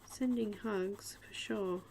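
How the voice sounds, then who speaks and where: Middle-aged Australian woman, gravelly voice, relaxed live-stream chat, faint room noise. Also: medium pitch, slow pace. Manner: soft, chatty, reads comments aloud as she works. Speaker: host of a live coloring stream. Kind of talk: casual live-stream chat while coloring.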